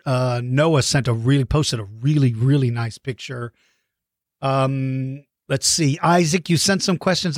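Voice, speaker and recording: A middle-aged man chatting warmly to young viewers about their drawings, enthusiastic with playful mock-outraged outbursts. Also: a little high, no room sound, studio quality. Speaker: kids' dinosaur channel host. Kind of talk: casual chat to young viewers.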